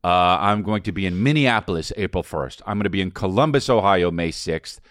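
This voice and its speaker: A man's voice: sits low, animated, fairly quick, fairly bright tone, no room sound, clean studio sound. A man in his thirties co-hosting a podcast in casual banter, rambling, repeating himself and swearing freely. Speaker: comedian and podcast co-host.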